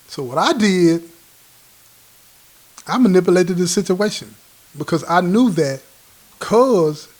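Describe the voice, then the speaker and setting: Man, higher voice, streetwise host telling a prison story in slang, animated, quotes people in character. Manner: animated, laughs at his own story. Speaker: host telling his own prison stories. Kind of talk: casual spoken storytelling.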